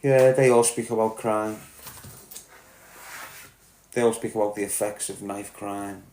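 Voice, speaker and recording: A man's voice: fairly low pitch, steady tone, measured pace, a little mellow, roomy sound, a little hiss or hum. A man with a Liverpool accent ranting angrily as a podcast host, blunt and full of swearing. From Liverpool, England. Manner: angry, blunt, heavy swearing. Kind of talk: heated ranting monologue.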